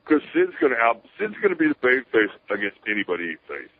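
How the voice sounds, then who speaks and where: A fast-talking man with a medium-pitched voice and big pitch swings spins rambling stories as an interview guest on a tinny phone line. Casual swearing runs through his talk, and he acts out the voices he quotes.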